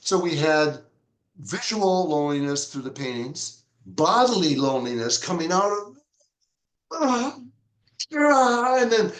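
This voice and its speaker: In an echoey, roomy-sounding recording, a pastor tells stories during an interview in a lively, conversational way. His fairly high voice leaps about with big pitch jumps as he acts out other people's words.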